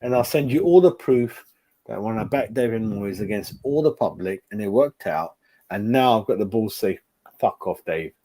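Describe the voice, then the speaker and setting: A man's voice: fairly low pitch, animated, moderate pace, dark tone. A man hosting a football fan channel, giving a rambling, swear-filled live-stream reaction to a match. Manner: ranting, heavy swearing, rambling asides.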